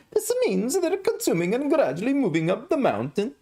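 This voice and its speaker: A man doing a high Italian-accented winemaker. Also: wildly swooping pitch, a little slow, darkish tone, full character voice. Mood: excited. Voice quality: high, exaggerated, sing-song. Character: excitable Italian male winemaker, cartoonish.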